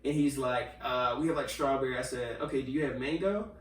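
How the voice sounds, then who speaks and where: The male podcast host has a mid-range voice and a fairly quick pace, telling a story in casual conversation and acting out the quotes amid frequent fillers. The recording is distant and roomy, slightly off mic, with a little hiss or hum.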